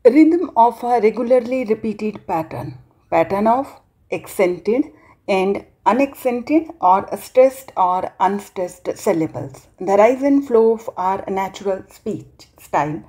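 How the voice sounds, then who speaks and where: A woman from India with an Indian English accent, lecturing students slowly and deliberately on literary terms. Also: medium pitch, animated, warm tone, breathy edge. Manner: slow, deliberate explanation with emphasized words.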